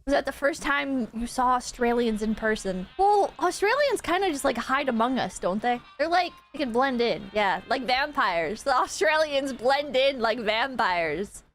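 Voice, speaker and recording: High-voiced woman rambling on stream. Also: lively intonation, moderate pace, few pauses, fairly bright tone, faint music behind. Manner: rambling, self-deprecating, swears, laughs often. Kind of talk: casual stream chat.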